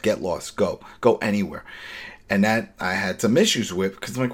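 Guy hosting a tv recap podcast, lowish voice, jumps into big silly voices for quotes. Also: very animated, brisk, breathy edge. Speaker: podcast host. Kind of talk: casual TV recap chat.

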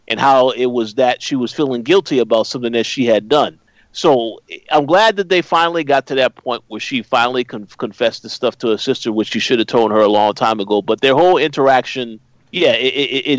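Measured man with a dry close sound. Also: medium pitch, a bit bright, dry recording, rough recording. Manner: measured, frequent fillers and restarts. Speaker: podcast co-host. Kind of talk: casual recap chat.

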